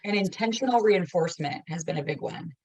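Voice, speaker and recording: Earnest low-voiced mother, dry sound. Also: animated, a little mellow, no room sound, low-quality recording. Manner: earnest, reflective, quick bursts of speech. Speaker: mother of a child with a rare disease. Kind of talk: casual sharing in a support group.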